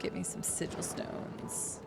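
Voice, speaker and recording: A woman's voice: takes it slowly, very noisy. A woman streamer giving casual, playful commentary while she plays a video game, chatting to viewers and humming sing-song filler noises. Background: game music.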